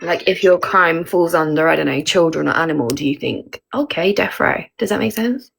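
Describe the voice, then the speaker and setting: A woman's voice: deep voice, a little fast, gravelly, a bit bright. A woman with a northern English accent, joining a livestream as a guest, chatting in a bubbly, teasing way and putting questions to the chat.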